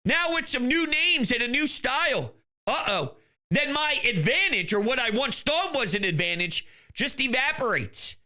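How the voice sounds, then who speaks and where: A man delivers a heated sports rant in a strikingly high voice with a hard, cutting edge. He scolds critics in a exasperated way. He lurches between shouting and muttering under his breath. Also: big pitch swings, moderate pace. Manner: ranting, exasperated, insults critics; swings between loud outbursts and muttering. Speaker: sports commentator.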